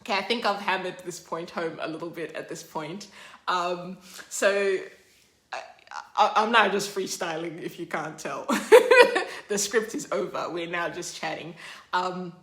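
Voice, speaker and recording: A woman hosting a study session in a chatty, animated style. Her voice is bright and clear, and the room adds noticeable echo. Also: lowish voice, normal speed. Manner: chatty, animated storytelling, laughs often. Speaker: study group host. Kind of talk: casual teaching monologue.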